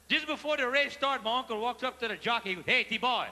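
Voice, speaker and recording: A man with a Cajun accent telling comic stories on stage, animated and mixing in French phrases as he asks the audience questions. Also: extremely high pitch. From Louisiana. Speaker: stand-up comedian. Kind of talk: live stand-up storytelling. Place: large theater stage before a live audience. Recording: live theater recording with hall reverb and faint ambience.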